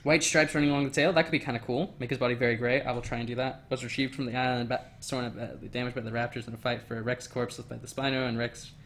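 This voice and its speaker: Streaming from his desk mic, a young man with a medium-pitched voice talks very fast with hardly any pauses, reading chat aloud and wandering from thought to thought. His loose, rambling speech is full of ums and unfinished sentences, with a little hiss or hum in the background.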